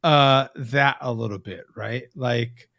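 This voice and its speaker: A man's voice: mid-range voice, slow pace, fairly bright tone, no echo, studio quality. A man hosting a casual video-call chat, telling rambling stories with frequent tag questions. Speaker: host.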